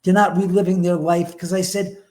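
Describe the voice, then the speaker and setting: A man's voice: high-pitched, little pitch movement, fairly quick, darkish tone. A man talking as a guest on a live show, emphatic and rambling, with blunt remarks and mild swearing. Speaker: guest, haunted house owner. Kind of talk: animated conversational storytelling.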